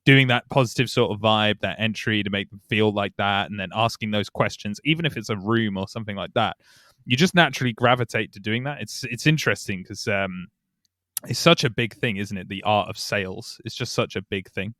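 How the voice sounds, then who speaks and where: Bright, dry-voiced podcast host. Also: male voice, lowish voice, a little fast, no room sound. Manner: agreeable, musing aloud. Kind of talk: casual interview chat.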